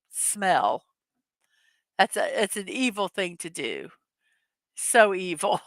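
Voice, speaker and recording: Middle-aged woman host, giggly and chatty, unhurried delivery, bright clear voice, dry close sound. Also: medium pitch, no room sound. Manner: giggly, chatty, laughs often at her own jokes. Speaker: host of a daily morning show. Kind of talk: casual chat reading memes to a live audience.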